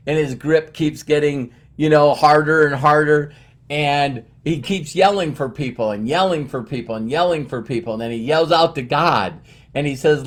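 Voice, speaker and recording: A man's voice: a little high, a little slow. A man in his fifties giving an earnest, rambling motivational monologue, often restarting his sentences. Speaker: motivational speaker.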